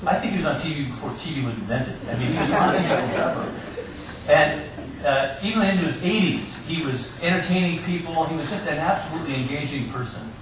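Telling personal stories laced with joking asides, a pastor preaches his Easter sermon fast and with few pauses, his voice a little high and animated. A distant mic captures the echoey sanctuary along with background hiss.

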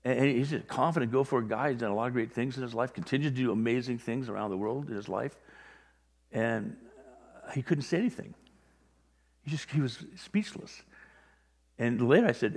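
The sermon comes from a pastor whose mid-range voice moves a little fast but leaves long pauses. He preaches conversationally, occasionally impersonating the people in his examples, and the recording has a long hall reverb.

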